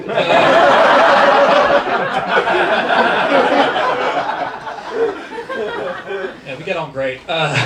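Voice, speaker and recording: A young man from South County Dublin, with a posh South Dublin Irish accent, performs a stand-up set in a comedy club, mixing dry, self-mocking material with crowd work. His voice is high and swings hugely in pitch, and he speaks very slowly with frequent pauses. The recording is noisy and echoey, captured from far off, with audience laughter behind him.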